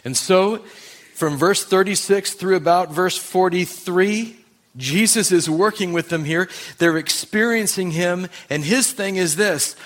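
A male pastor preaching a sermon, swinging from loud emphasis to hushed intensity. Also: sits high, measured pace.

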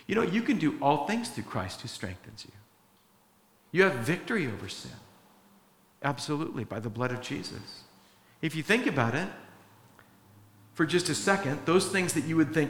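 A man's voice: fairly high pitch, very animated, normal speed, pushed and bright, roomy sound, big-room sound. A middle-aged pastor preaching a sermon in an earnest, conversational way, acting out the quotes he tells.

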